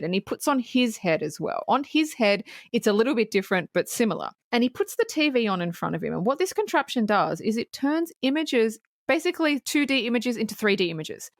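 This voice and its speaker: A woman co-hosting a movie podcast, recapping scenes in animated, casual chat and swearing freely. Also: a little high, no room sound, clean studio sound. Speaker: podcast co-host.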